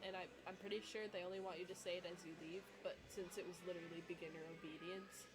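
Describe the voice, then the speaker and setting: Background noise accompanies this young woman's fast, low-ish voice with fairly even intonation. A vlogger, she reacts to her own dog competition footage in a casual, giggly, rambling way full of fillers.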